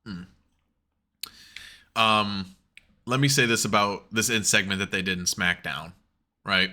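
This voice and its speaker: Give me an animated man co-hosting a wrestling podcast, bright voice. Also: measured pace. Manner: animated, swearing, laughing often, acting out quotes in a higher voice. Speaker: podcast co-host. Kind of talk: casual chat. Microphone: headset.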